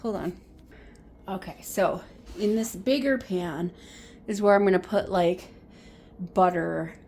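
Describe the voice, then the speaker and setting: A woman's voice: mid-range voice, a little mellow, slight background noise. Chatty woman cooking in her kitchen. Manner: rambling, thinks aloud with fillers. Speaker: cooking vlogger. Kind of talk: casual cooking vlog chat. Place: home kitchen.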